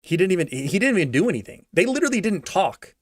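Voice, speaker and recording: Here a young man delivers a fast, sing-song rant reviewing a movie, sarcastic and slangy, hammering points by repeating them. His voice sits high with a breathy edge, recorded studio-clean without any room sound.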